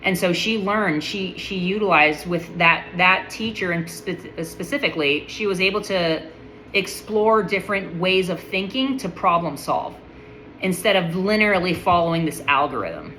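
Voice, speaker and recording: Bright-voiced woman in an eager monologue. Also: fairly low pitch, normal speed, slight background noise, rough recording. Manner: enthusiastic, admiring, with frequent restarts. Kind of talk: casual spoken monologue.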